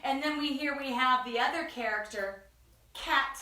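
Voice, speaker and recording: A woman's voice: high-pitched, normal speed, bright, forceful tone, roomy sound, recorded from a distance. A woman hosting a children's story time, talking to kids in a sing-song, enthusiastic teacher way. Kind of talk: children's read-aloud lesson.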